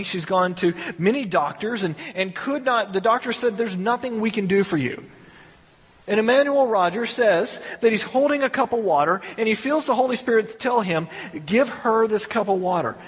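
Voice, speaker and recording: A man's voice: high-pitched, breathy edge, long reverb tail. A man teaching a Bible study in a conversational sermon style, repeating words and adding asides.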